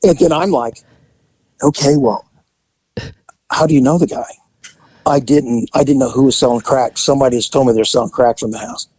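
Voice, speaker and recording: A man hosting a podcast, telling a police story in a relaxed, conversational way and acting out the people in it. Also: mid-range voice, normal speed, pauses often, husky, dry recording, poor audio. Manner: animated storyteller who acts out the people in his story. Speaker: podcast host and former police officer. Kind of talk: casual storytelling.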